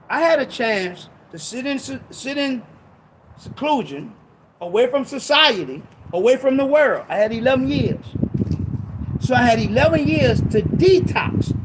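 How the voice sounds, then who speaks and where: Man on a ministry show, very high and swooping voice, repeats points emphatically, casual slang, faint noise behind. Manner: emphatic, repetitive, rising to shouts; conversational street slang. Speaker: ministry talk show speaker. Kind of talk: impassioned preachy talk.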